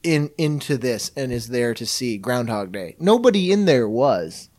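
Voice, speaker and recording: A man's voice: mid-range voice, very animated, a little slow, a little mellow. A man casually telling a swear-filled anecdote about a customer he met at his bar, slipping into impressions of the people involved. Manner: profane storytelling, mimics people he met. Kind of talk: casual podcast chat.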